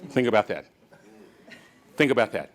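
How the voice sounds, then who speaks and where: A man's voice: lowish voice, animated, normal speed. A man from the San Francisco Bay Area giving a motivational keynote to a live conference audience, preaching with call-and-response. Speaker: motivational speaker.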